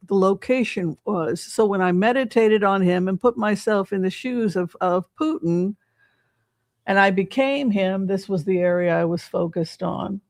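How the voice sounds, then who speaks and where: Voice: mid-range voice, vocal fry, no echo. Tarot reader, casual livestream talk, chatty, rhetorical questions, dry room.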